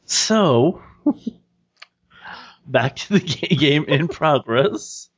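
A man running a tabletop game in a relaxed, organizing way, on a dull lo-fi recording. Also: on the high side, very slow, breathy edge. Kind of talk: casual tabletop game chat.

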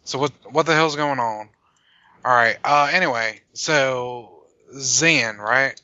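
A man's voice: mid-range voice, slow pace, sharp tone, no echo. A man playing a tabletop game in a playful, drawling way, laughing often, on a dull lo-fi recording. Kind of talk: casual tabletop game chat with put-on Southern voice.

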